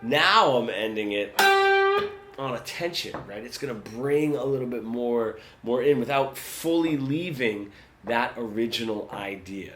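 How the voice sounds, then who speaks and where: A man teaching guitar in a relaxed, conversational lesson, often checking in with "right?". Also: mid-range voice, unhurried. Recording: roomy sound with guitar.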